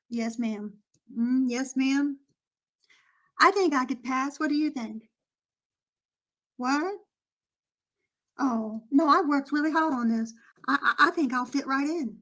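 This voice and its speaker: A woman's voice: high-pitched, unhurried, pauses often, a bit bright. A woman doing a stammering fake-Southern poser. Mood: eager. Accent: put-on Southern US. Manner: stammering, nervous, eager to fit in. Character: vain outsider in disguise, faking a Southern accent. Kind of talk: comedic role-play.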